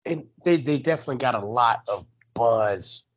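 A middle-aged man hosting a podcast, talking bluntly and profanely with quick jabs. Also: medium pitch, animated, breathy edge, no echo, dull audio. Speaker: podcast host. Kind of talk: casual chat.

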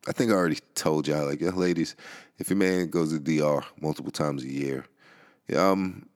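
A man's voice: a bass voice, normal speed. A man hosting a podcast, ranting casually, laughing often and swearing as he rambles. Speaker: podcast host. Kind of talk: casual rant. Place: New York.

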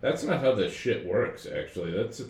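A man's voice: fairly low pitch, expressive, normal speed, a little mellow. A man chatting casually on a podcast, teasing his friends with dry jokes. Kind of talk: casual chat. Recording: echoey room.

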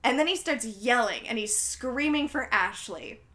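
Podcast co-host: woman with a bright, slightly high voice, chatty and loose, lots of fillers. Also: expressive, measured pace. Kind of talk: casual recap of a film.

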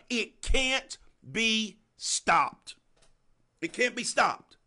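Male preacher, high and animated, bright voice, drawn-out deliberate delivery, repeats lines to a congregation. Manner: repeats phrases for emphasis, calls on congregants by name; swings between soft and loud. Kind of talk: sermon.

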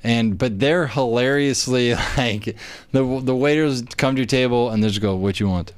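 A young man co-hosting a casual podcast chat, telling animated stories, acting out quotes and swearing freely. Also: mid-range voice, moderate pace, smooth, no room sound. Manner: animated storyteller, acts out quotes, swears often. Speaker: podcast co-host.

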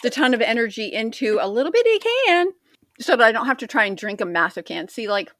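A woman's voice: a little high, sing-song, fast, a bit bright, no echo. A woman co-hosting a podcast in casual chat, rambling and self-deprecating. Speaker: podcast co-host.

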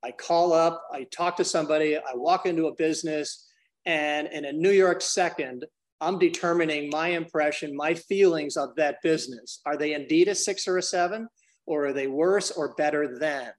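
A man's voice: on the high side, moderate pace. A man as a podcast guest, explaining business ideas energetically and acting out little dialogues. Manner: energetic, acts out dialogues in different voices; addresses the host by name often. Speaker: business consultant and trainer.

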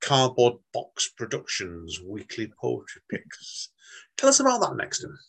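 A man's voice: mid-range voice, huge pitch swings, unhurried, creaky, a bit bright, slightly rough. A man hosting a casual poetry podcast interview, chatty and informal. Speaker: podcast host.

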